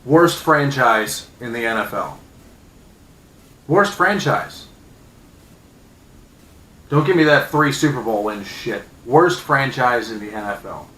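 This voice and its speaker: A man in his thirties ranting angrily as a sports fan, profane and sarcastic, with loud outbursts. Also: medium pitch, lively intonation, slow pace, pauses often, echoey room, rough recording. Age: 30s. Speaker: vlogger. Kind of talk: angry sports fan rant.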